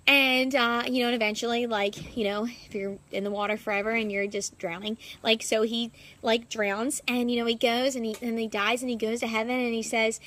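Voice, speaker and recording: A woman's voice: on the high side, level tone, moderate pace, a bit bright. A young woman, a fitness coach, talking casually to her followers from her backyard. She rambles and fills her sentences with "like". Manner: rambling, heavy use of "like" fillers. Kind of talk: casual vlog monologue. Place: backyard, outdoors.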